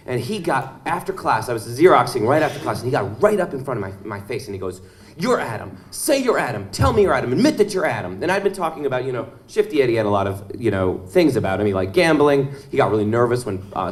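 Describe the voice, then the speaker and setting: Male panelist, mid-pitched, chatty and funny, slight room noise. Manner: humorous, many ums, acts out quotes. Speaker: author panelist. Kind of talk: storytelling on a panel. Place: event hall with audience.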